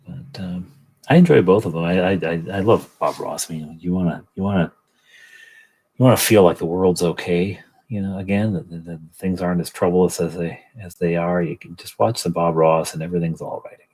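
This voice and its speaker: Low, husky-voiced man chatting. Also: fairly even intonation, fairly quick, a little mellow, low-quality recording. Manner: rambling, self-deprecating, joking. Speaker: livestream host. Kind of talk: casual chat while painting miniatures.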